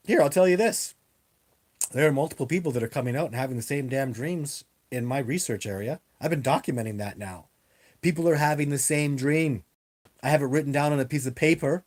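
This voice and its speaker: Hosting a casual livestream, a medium-pitched man with a slightly mellow voice answers viewer questions into his webcam. He rambles, speaks emphatically and repeats himself.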